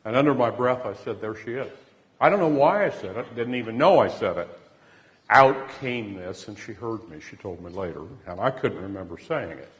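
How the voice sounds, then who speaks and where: An older man telling a personal story in an earnest, halting way, often repeating words as he goes. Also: lowish voice, animated, in a large hall. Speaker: speaker giving a personal testimony.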